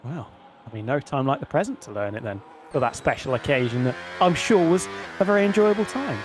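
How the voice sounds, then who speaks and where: A man's voice: mid-range voice, lively intonation, a little fast, a little hiss or hum. A man co-commentating a sim race, chatty and opinionated as he trades views with the lead caller. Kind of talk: sim racing colour commentary.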